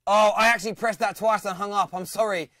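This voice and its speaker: A man's voice: sits high, steady tone, quick pace, bright, forceful tone, dry recording, studio quality. A man hosting a live football phone-in, chatty and teasing, laughing often. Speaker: phone-in host. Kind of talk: live fan phone-in show.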